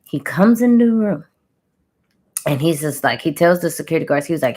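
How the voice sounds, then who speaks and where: A woman with a fairly low voice tells a channeled story to her viewers in loose, chatty talk. She keeps it conversational and playful, with sound-effect words tossed in along the way. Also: expressive, fairly quick, long pauses, darkish tone. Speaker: spiritual reader telling a channeled story.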